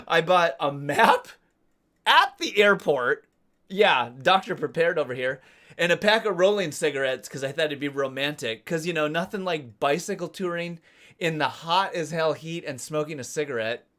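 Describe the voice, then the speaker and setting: A man's voice: fairly high pitch, a bit bright. A man in his forties hosting a casual live stream, telling rambling, profane travel stories between chat messages. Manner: rambling, profane storytelling while reading chat. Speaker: cycling channel host.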